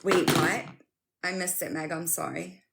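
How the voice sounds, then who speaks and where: A woman chatting casually to viewers on a live stream from her phone, animated and swearing, often laughing. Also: on the low side, a little slow, gravelly.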